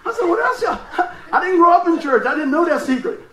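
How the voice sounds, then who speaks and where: A man's voice: extremely high pitch, animated, fast, echoey room, distant mic, crowd noise, poor audio. A man preaching a casual, folksy sermon, telling stories and laughing often.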